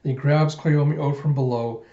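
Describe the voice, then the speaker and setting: A man casually reading through a comic aloud, narrating each page in a relaxed way. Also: a little high, moderate pace. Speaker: manga reader. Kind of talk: casual manga readthrough. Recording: roomy, muffled home recording.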